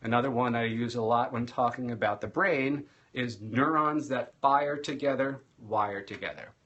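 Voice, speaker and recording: Teaching on a live stream, a man speaks energetically at a mid-range pitch, shifting between loud and soft and speeding up or slowing down to drive his points home. He comes across as a practiced classroom speaker, though the audio is dull.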